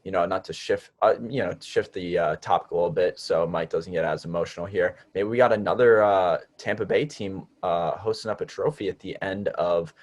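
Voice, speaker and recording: An upbeat young man co-hosting a casual podcast, hyping up listeners and giving friendly shout-outs. His voice sits on the low side for a man. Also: fairly quick, few pauses. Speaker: podcast co-host.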